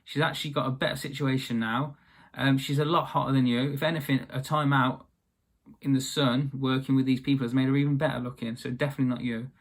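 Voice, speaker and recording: A man's voice: medium pitch, level tone, fast talker, natural voice. A man voicing a blunt, offhand magic mirror in his ordinary voice, retelling a fairy tale.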